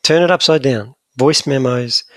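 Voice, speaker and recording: A man's voice: medium pitch, normal speed, a bit bright, no echo. A man co-hosting a podcast, chatting in a jokey, rambling way with his co-host. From Scotland. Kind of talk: casual chat.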